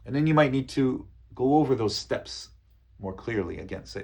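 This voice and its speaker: A man's voice: mid-range voice, lively intonation, moderate pace, gravelly, a little mellow, slightly rough. A man teaching business English, patiently repeating key phrases and modeling polite lines aloud. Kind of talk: teaching lesson.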